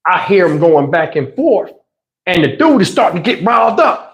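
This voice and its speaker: A man hosting a livestream, telling a wild personal story in an excitable, conversational way. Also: high-pitched, normal speed. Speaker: channel host.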